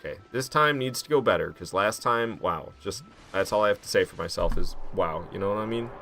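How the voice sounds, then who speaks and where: Excitable man talking over gameplay. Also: lowish voice, fairly quick, creaky, soft background music. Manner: excitable, self-mocking, slangy. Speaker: gaming commentator. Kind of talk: casual gameplay commentary.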